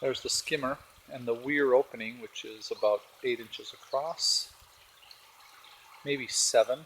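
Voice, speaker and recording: Man giving a relaxed backyard tour. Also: medium pitch, a little slow, slight background noise, rough recording. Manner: relaxed, pointing things out as he walks. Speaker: homeowner giving a garden tour. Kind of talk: casual walking video tour. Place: outdoors in a backyard garden by a pond. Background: faint outdoor ambience with birds and a jet.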